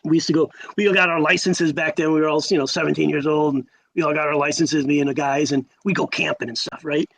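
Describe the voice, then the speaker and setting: Telling stories as a podcast guest, this man in his sixties has a high, creaky voice captured on poor-quality audio. His delivery is lively, with abrupt pitch jumps, repeated words for emphasis and dramatic pauses.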